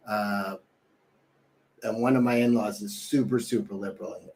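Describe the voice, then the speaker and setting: A man's voice: medium pitch, a little mellow. A young adult man co-hosting a casual talk show, rambling with lots of fillers. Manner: rambling, fillers, tells jokes with put-on voices. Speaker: co-host. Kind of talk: casual chat.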